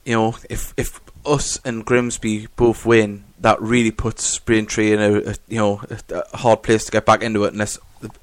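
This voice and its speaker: A man's voice: lowish voice, level tone, moderate pace, hardly any pauses, dry recording. A man hosting a casual fan podcast, rambling and chatty as he reads out listener messages. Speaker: podcast host.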